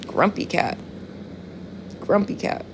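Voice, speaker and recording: A woman's voice: slow, noisy background. A young woman chatting casually on a phone live stream, slangy and profane, often breaking into laughter while answering viewers.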